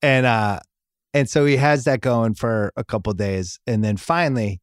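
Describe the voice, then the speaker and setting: A man's voice: medium pitch, moderate pace, smooth, no room sound. A middle-aged man tells a meandering family story on a podcast, with frequent restarts and chuckles at his own jokes. His voice sits in a middle register, recorded close in a dry studio with no room sound. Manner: rambling anecdote, laughing at his own jokes. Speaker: podcast host. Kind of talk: casual storytelling chat.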